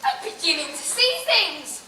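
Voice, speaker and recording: A woman's voice: very high-pitched, very animated, measured pace, bright, forceful tone, a little hiss or hum, full character voice. A woman playing a chatty, homely middle-aged farmer's wife in an amateur stage comedy. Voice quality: folksy, gossipy manner. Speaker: stage actor. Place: large theatre stage. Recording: echoey theatre stage from far off.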